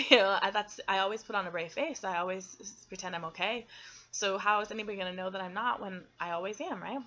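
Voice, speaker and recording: Young woman, personal testimony, earnest and halting, bright forceful tone, muffled lo-fi recording. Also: medium pitch. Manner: earnest, halting, with frequent ums and restarts. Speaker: testimony speaker.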